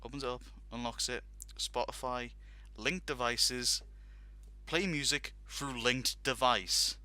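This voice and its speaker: Man, casual storyteller, animated anecdote, sharp bright tone, dry close recording. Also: medium pitch, slow, no room sound. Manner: animated anecdote with laughs and acted-out quotes. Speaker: podcast host telling a story.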